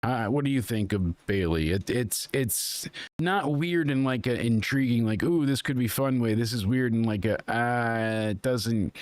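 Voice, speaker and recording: A man's voice: medium pitch, measured pace, no room sound. A man hosting a casual wrestling recap podcast, talking in a rambling, conversational way with plenty of fillers. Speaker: podcast host.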